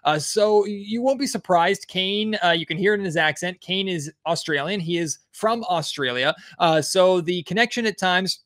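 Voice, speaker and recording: A man hosts a sports podcast in a loose, chatty manner, often pausing on filler words. His voice sits a little high for a man. He talks his listeners through the episode. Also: fairly bright tone. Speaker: podcast host. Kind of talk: podcast intro and interview.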